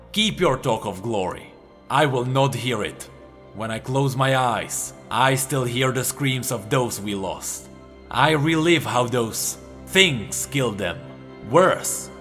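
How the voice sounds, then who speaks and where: A man voicing a weary, haunted male god who speaks gravely in a storybook reading. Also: mid-range voice, a bit bright.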